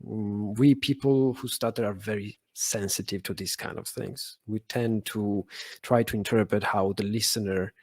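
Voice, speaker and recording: A man's voice: on the low side, steady tone, moderate pace, a little mellow, no echo. Italian-accented man who stutters, dry sound. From Italy. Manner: stutters, with frequent fillers and repeated words. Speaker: podcast guest. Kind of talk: conversational interview.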